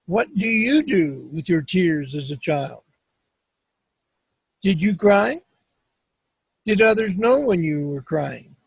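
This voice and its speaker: A man reads a self-help book aloud, slowly and deliberately, pausing over each line and sometimes stumbling and restarting. His voice sits high for a man and has a husky edge. The recording is close and dry, with no room sound. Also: darkish tone, no room sound, low-quality recording. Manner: slow, measured reading with occasional slips and restarts. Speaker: audiobook reader.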